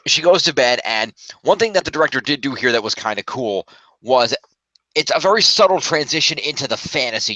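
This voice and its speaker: A man's voice: mid-range voice, pushed and bright, no echo, low-quality recording. A man chatting casually as a film reviewer, rambling and correcting himself as he goes. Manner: rambling, self-correcting, upbeat.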